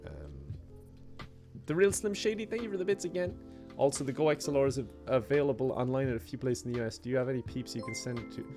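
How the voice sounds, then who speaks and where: A young Irish man chatting casually on a live game stream, reading out and thanking chat messages in a relaxed way and laughing often. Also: medium pitch, quick pace, faint music behind.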